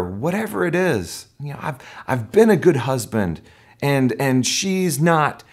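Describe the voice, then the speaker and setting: A man's voice: mid-range voice, unhurried. A man preaching a sermon, telling stories with animation and acting out voices. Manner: animated storytelling, acts out voices. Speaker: pastor.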